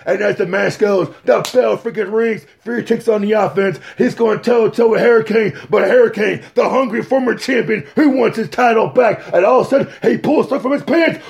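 A man as a podcast guest, excitably telling a story and acting out scenes with shouts and laughter. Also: high voice, moderate pace, gravelly. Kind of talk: animated storytelling in casual chat.

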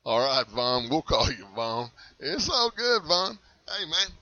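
A man's voice: medium pitch, sing-song, measured pace, muffled recording, a crowd in the background. A young man hosting a comic street interview, in a laid-back, drawling, mock-polite manner. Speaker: comedy host and interviewer.

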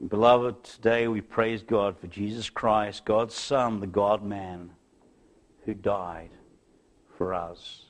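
A man delivers an evening sermon in old-fashioned biblical language, his lowish voice steady and his pace slow. He builds to loud, emphatic peaks before sinking into a hushed, soft close.

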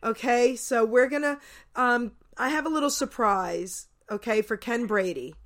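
A woman's voice: fairly high pitch, a little slow. A woman from New Jersey hosting a radio chat show, gushing and effusive. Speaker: radio host.

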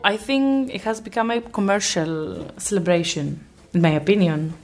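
A woman guest, an engineer, giving her opinion in measured, hesitant casual talk. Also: medium pitch, soft background music. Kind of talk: casual chat.

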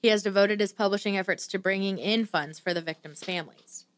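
A woman's voice: mid-range voice, a little fast. Chatty woman reading true-crime notes. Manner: reads notes with restarts, mimics others with sassy voices. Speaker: podcast co-host.

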